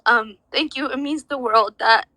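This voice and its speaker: A woman's voice: on the high side, normal speed, sharp tone, no echo, rough recording. A tearful woman speaking earnestly in an online audio discussion, grateful and searching for answers. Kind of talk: emotional personal testimony.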